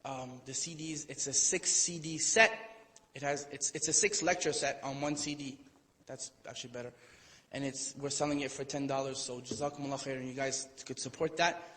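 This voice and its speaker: A man's voice: medium pitch, steady tone, normal speed, bright, forceful tone, slight background noise. A man giving an Islamic lecture to an audience in a hall, telling a story conversationally with playful asides. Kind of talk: storytelling sermon. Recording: long hall reverb.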